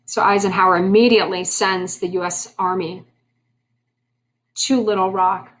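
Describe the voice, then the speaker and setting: A woman's voice: mid-range voice, steady tone, moderate pace. Woman teacher lecturing her class, chatty, asks questions, dry little asides. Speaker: history teacher.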